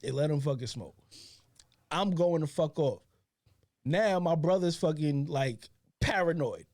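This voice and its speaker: A man's voice: fairly high pitch, expressive, unhurried, darkish tone, no room sound, studio quality. A man co-hosting a casual podcast, telling stories with lots of swearing and imitating his friends' voices. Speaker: podcast co-host. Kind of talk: casual chat, storytelling.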